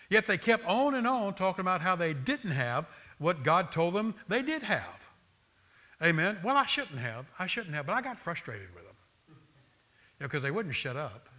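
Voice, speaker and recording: Bright, emphatic male preacher. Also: sits high, sing-song, normal speed. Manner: emphatic, repetitive preaching cadence with rising pleas. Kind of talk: sermon.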